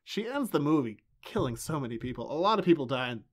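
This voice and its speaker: A man's voice: a little high, fast talker. Joking man in his late twenties. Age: late 20s. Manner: joking, animated, laughs often. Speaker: podcast co-host. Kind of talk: casual chat.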